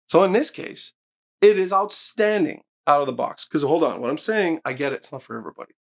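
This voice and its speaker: Here the host's voice is gravelly, on the high side, and a bit fast. Speaking straight to camera on his hi-fi channel, he gives an excited, emphatic speaker review, letting curses slip when worked up.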